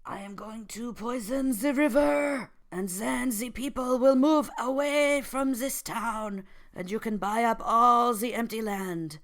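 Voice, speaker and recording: Guy doing a shrill fake-french bad guy plotting, slow and loud, kinda gravelly. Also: heavily acted. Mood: scheming. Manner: high, loud, drawn-out put-on voice. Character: scheming male villain poisoner, mock French.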